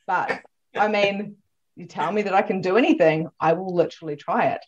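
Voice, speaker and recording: A woman hosting a podcast over a video call, telling animated stories and laughing often. Her voice sits at a middle pitch. The audio is slightly dull. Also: a little fast. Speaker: podcast host. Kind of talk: casual chat.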